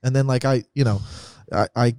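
A man chatting as a podcast guest, rambling and halting and restarting his sentences. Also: medium pitch, fairly even intonation, warm tone, smooth, no room sound. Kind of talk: casual chat.

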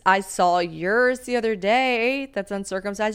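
A woman's voice: medium pitch, a little slow, few pauses, clear, resonant tone. A young woman hosting a podcast, chatting casually and telling a candid story, acting out the quotes of the people in it. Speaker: podcast host. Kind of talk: casual chat.

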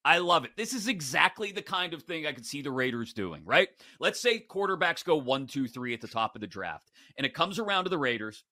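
Animated, bright-voiced man riffing on sports bets. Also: on the high side, brisk, few pauses. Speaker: podcast co-host. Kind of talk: casual sports betting chat.

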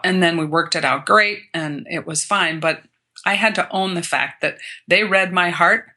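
A woman's voice: on the low side, normal speed, pushed and bright. A woman hosting a parenting podcast, telling an earnest, reflective story in casual chat.

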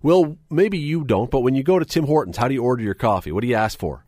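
A man's voice: medium pitch, animated, quick pace, warm tone, no echo. A Canadian man hosting a radio talk show, chatty and opinionated, full of rambling asides into a studio microphone.

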